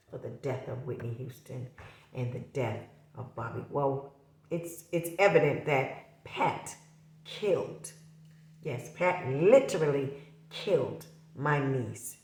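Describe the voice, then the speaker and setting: A middle-aged woman speaks to her viewers in a gravelly voice, impassioned and accusing, circling back to her points again and again. The sound rings around an echoey room. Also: low-pitched, darkish tone. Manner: impassioned, accusatory, repeats herself. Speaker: vlogger. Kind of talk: emotional direct-to-camera talk.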